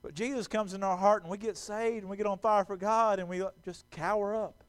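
Man, preacher, sermon, high pitch, smooth resonant voice, animated. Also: brisk. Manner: animated, acts out quoted voices, repeats words. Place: church sanctuary.

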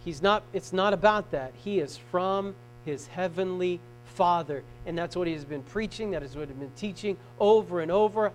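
A man preaching a sermon in a church, reading scripture aloud and swinging from soft, slow passages to loud shouting. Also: high-pitched, faint music behind, poor audio. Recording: mains hum. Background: hum.

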